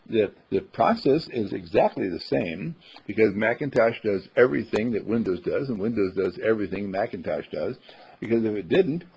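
A man's voice: lowish voice, gravelly, a little mellow, slightly rough. A man giving a rambling, folksy spiritual talk, acting out the quotes he tells. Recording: dull lo-fi recording.

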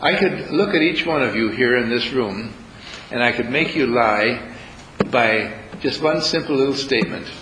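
A man's voice: medium pitch, expressive, moderate pace, pushed and bright, reverberant, slight background noise, poor audio. A man leading a spiritual retreat, talking live to a room audience in a playful, teasing way. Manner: playful, teasing, acts out little scenes with voices.

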